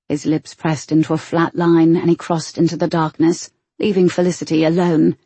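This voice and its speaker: A woman reads a novel aloud in a measured, expressive way. Her voice sits low and husky with a mellow, dark color, and the recording is close and dry. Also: no room sound. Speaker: audiobook narrator. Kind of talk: scripted narration.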